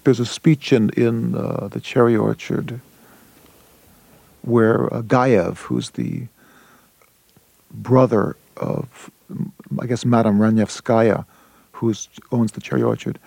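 Gravelly dark-voiced guy talking slow and halting, lots of restarts, dry close sound. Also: on the low side, no room sound. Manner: halting, many restarts, taps out rhythms. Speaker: playwright and translator. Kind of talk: radio interview.

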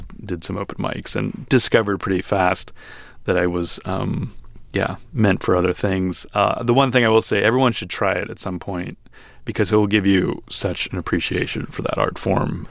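Gravelly low-voiced man, halting. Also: steady tone, no echo. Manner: hesitant, halting, self-deprecating, with many fillers. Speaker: author and guest. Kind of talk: interview answers.

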